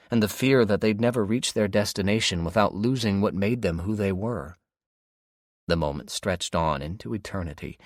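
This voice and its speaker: Deep-voiced man narrating an audiobook. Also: no echo, clean studio sound. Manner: steady, measured storytelling. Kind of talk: scripted narration.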